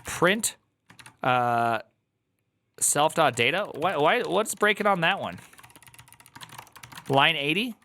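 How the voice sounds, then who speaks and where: A man's voice: a little high, animated, slow pace, pauses often, bright, forceful tone. A man streaming live while coding, talking to his chat in an exasperated, rambling way.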